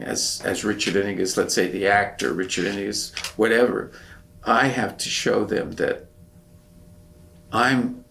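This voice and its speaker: A man's voice: on the low side, gravelly, a bit bright, a little hiss or hum. An older man, a veteran, speaking earnestly and reflectively in an oral history interview.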